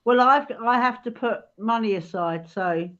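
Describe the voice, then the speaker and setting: A woman joining a live chat as a guest, bubbly and teasing, quick to laugh. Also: fairly high pitch, fairly bright tone, muffled recording.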